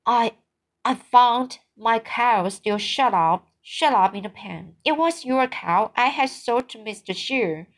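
A woman's voice: fairly high pitch, animated, slow. Brief: earnest, pleading teenage girl in an audiobook, read by a woman, apologetic and eager.

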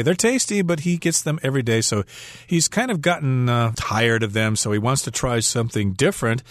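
A man's voice: mid-range voice, no room sound. A man co-hosting an English lesson on the radio, explaining phrases with everyday examples. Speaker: English teacher co-host.

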